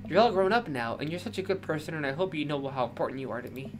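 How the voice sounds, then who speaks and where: Woman voicing a gentle doting dad, soft and quiet, low-ish voice, game dialogue. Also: animated, quick pace, music in the background. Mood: tender. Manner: gentle, tender. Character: doting middle-aged dad, soft and emotional. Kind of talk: reading game dialogue aloud.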